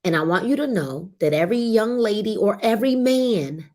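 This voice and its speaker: A woman's voice: mid-range voice, lively intonation, moderate pace. A woman hosting a live book club show, talking casually and slipping into an encouraging, preacher-like cadence. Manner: warm encouraging preacher cadence, sings briefly. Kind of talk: casual faith-filled talk, preaching at times.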